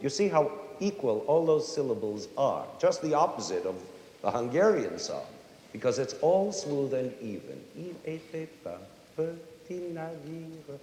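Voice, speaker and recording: A middle-aged man giving a lively lecture on music to a young audience, now and then singing short folk tunes to make his point. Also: medium pitch, moderate pace. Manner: animated, sings and hums short folk tunes to demonstrate. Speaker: conductor and music educator. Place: large concert hall with audience. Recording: roomy concert hall reverb, faint hiss.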